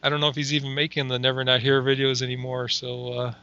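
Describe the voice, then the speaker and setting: Very bright-voiced man, laughing and chatty. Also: medium pitch, monotone, fast talker, dull audio. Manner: laughs often, rambling with many fillers. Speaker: comedy video maker, guest. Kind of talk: casual interview chat.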